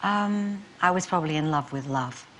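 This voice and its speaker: Older Scottish woman, low-pitched. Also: normal speed, faint music behind. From Scotland. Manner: lively storytelling, acts out quotes. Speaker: interviewee. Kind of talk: interview conversation.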